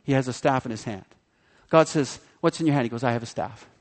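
A man's voice: medium pitch, fast talker. Preacher man in a reverberant hall. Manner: animated, acts out the figures' voices in quotes. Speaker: pastor. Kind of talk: sermon.

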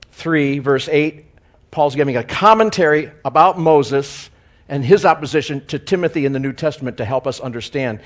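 Animated man preaching a sermon. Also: fairly high pitch. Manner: animated, swings between loud emphasis and quiet asides; joking, chuckles at his own lines.

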